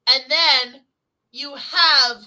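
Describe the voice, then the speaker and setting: A woman reviewing a film in a casual, excitable chat, swearing now and then. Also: sits high, extremely slow, poor audio.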